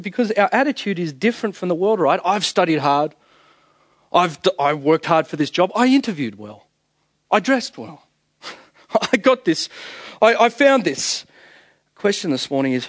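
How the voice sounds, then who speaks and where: A man's voice: on the high side, dry recording, clean studio sound. A man with an Australian accent preaching a sermon as pastor, telling stories with humor, chuckling at his own jokes and firing off rhetorical questions.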